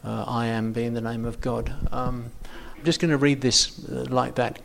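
A man's voice: mid-range voice, fairly even intonation, moderate pace, vocal fry, hardly any pauses, a bit bright. A man leading an informal Bible study, talking hesitantly with many ums and restarts.

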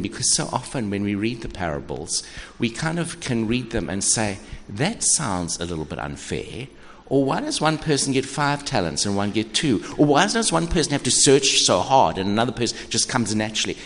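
A man in his sixties preaching a sermon, conversational and animated, often restarting his words. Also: fairly low pitch, a little hiss or hum. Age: 60s. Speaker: pastor. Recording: echoey hall with faint ambience.

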